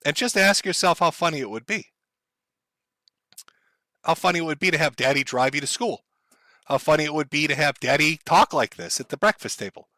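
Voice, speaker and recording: A man's voice: on the high side, expressive, a little fast, long pauses, pushed and bright, no echo. A man hosting a live stream, commenting bluntly on a clip with plenty of swearing and a lecturing tone.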